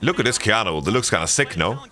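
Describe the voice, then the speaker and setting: A man co-streaming an esports match, talking over the action in a lively, swooping voice. His tone is bright and forceful, and he flips easily into loud, exasperated rants. He sounds close to a desk mic. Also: on the low side, quick pace. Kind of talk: live esports watch-along commentary.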